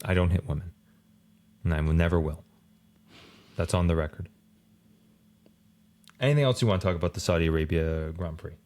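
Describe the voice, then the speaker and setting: Man, very low voice, rambling casual podcast chat, animated, lots of fillers. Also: brisk, pauses often. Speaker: podcast co-host.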